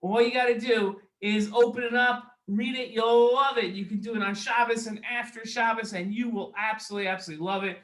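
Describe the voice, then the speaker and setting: A man hosting a children's show, giving quiz instructions slowly and deliberately to young viewers. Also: high-pitched, steady tone, fairly bright tone. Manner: slow, deliberate, talks straight to young viewers. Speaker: kids' show host. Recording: roomy echo.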